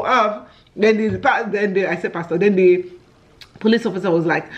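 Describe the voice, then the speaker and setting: A woman's voice: medium pitch, fast talker. Chatty Nigerian woman vlogger, lo-fi sound. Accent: Nigerian English. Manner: chatty storyteller with frequent exclamations. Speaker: family vlogger. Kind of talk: casual chat while eating on camera.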